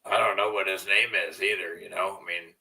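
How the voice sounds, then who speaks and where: A man's voice: deep voice, fairly even intonation, a little fast, gravelly, far from the mic, rough recording. A man talking casually to camera in a profane, rambling way, repeating himself, and at times cooing to his dog. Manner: soft cooing baby talk to his dog. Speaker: vlogger.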